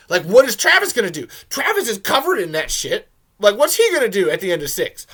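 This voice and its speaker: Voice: medium pitch, big pitch swings, a little fast, bright, forceful tone, breathy edge. Casual movie commentary, sarcastic, ranting, heavy swearing, restarts mid-sentence. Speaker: commentary host.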